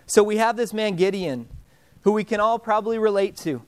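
A young man preaching a sermon in a conversational way, dropping soft and slow on key phrases. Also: high-pitched, smooth. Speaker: pastor.

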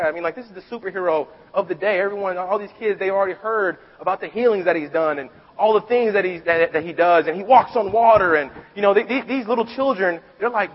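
A man preaching a sermon in a conversational, animated storytelling way, stumbling and restarting often. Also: high-pitched, fairly quick. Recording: dull recording with long hall reverb.

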